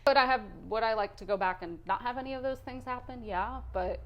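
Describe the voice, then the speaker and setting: A woman's voice: a little high, brisk, lo-fi sound. Candid woman retelling a cath lab story. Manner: emotional, candid, animated storytelling. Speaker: guest, cath lab nurse. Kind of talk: casual interview storytelling.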